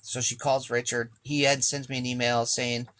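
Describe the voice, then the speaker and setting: A man's voice: mid-range voice, level tone, moderate pace, fairly bright tone. A man telling a casual, rambling story as a sailing vlogger, swearing freely and acting out what people said. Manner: rambling, profane, acts out quoted speech.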